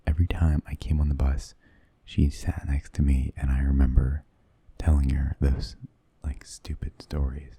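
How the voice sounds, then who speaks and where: Very deep, gravelly soft-spoken man. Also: no echo. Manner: rambling and hesitant, drifting into whispers. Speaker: ASMR creator. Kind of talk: soft-spoken ASMR storytelling.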